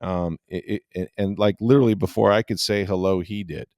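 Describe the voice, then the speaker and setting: Middle-aged male podcast host with a deep voice, chatty and rambling, dry studio sound. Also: fairly even intonation, fairly quick, a little mellow, dry recording. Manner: rambling storyteller with many fillers. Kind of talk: casual sports podcast chat.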